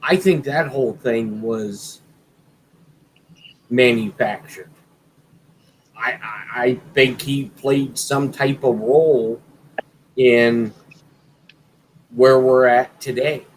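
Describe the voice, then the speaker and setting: A man's voice: mid-range voice, slow, long pauses, rough recording. Rambling man with faint background noise. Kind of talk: casual chat.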